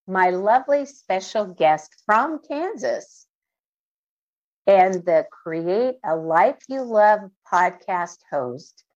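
Woman podcast host, slow deliberate delivery, muffled lo-fi sound. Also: on the low side. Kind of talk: scripted podcast introduction.

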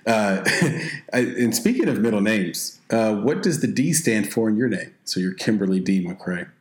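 Deep-voiced man interviewing, roomy sound. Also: lively intonation, moderate pace. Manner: chatty, laughs easily. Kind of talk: casual interview chat. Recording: roomy echo.

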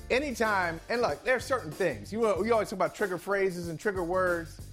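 High-voiced man debating sports. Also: a little fast, fairly bright tone, faint music behind. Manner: emphatic, repeats phrases, acts out quotes. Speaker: sports talk co-host.

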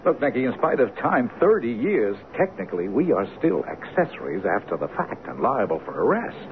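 An actor in a 1970s radio drama playing a middle-aged American brigadier general, a wry and affectionate husband. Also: male voice, medium pitch, very animated, moderate pace. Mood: alarmed. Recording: tinny lo-fi old radio broadcast with hiss.

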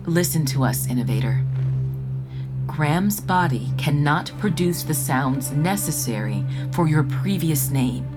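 An actress playing a formal, insistent female alien custodian who gives orders calmly in an audio drama. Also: sits low, a little slow, over loud music. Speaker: custodian of released prisoners.

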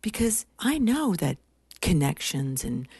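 A woman's voice: lowish voice, big pitch swings, takes it slowly, gravelly, darkish tone, breathy edge, no room sound, pitched above the performer's own voice, full character voice. A woman voicing a blunt, no-nonsense secretary who speaks with commanding force. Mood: defiant.

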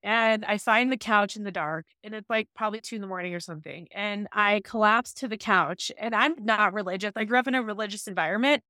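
A woman's voice: medium pitch, fairly quick, hardly any pauses, bright, forceful tone, no room sound, clean studio sound. A woman speaking as a podcast guest, telling her own story in a candid, casual way with many "like" fillers. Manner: open, casual, lots of "like" fillers.

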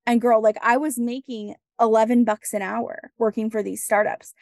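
A woman with a fairly high voice shares her story as a podcast guest, chatty and animated, slipping into the voices of people she quotes. The sound is close and dry, with no room around her. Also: normal speed, creaky, no echo. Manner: animated, acts out dialogue, laughs often. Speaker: podcast guest, business strategist. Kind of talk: casual interview storytelling.

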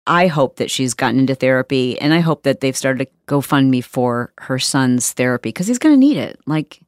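A woman's voice: rumbling low, expressive, moderate pace, dry recording, studio quality. A woman hosting her own podcast, talking frankly and emphatically in a conversational monologue. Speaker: podcast host.

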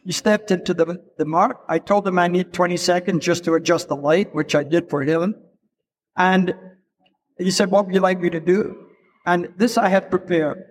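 An older man giving an unhurried keynote talk in an event hall. He tells stories and drops in frequent "you know" asides. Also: sits high, steady tone. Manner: unhurried, storytelling with frequent 'you know' asides. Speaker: keynote speaker, photographer. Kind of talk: anecdotal stage talk. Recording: long hall reverb.

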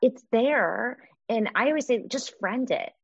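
A woman's voice: a little high, animated, unhurried, breathy edge, dry recording, dull audio. Direction: you're a woman guest coach in a casual interview, earnest and encouraging, with plenty of "like".

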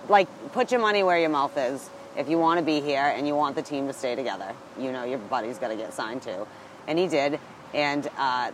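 A man's voice: medium pitch, fairly bright tone, a little hiss or hum, low-quality recording. A man co-hosting a casual sports talk show, chatty and upbeat with lots of "like" in his talk. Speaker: co-host of a hockey talk show. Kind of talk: casual chat.

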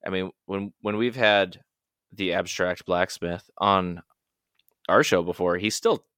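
A man's voice: deep voice, a little slow, a bit bright, smooth, dry recording. A man co-hosting a casual podcast, making dry sarcastic asides. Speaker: podcast co-host. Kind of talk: casual chat.

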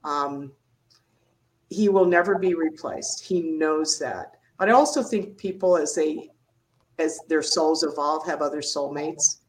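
Older woman telling animated stories. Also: deep voice, measured pace, poor audio. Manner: animated storyteller, acts out quotes. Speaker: guest, retired Navy doctor. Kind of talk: storytelling interview.

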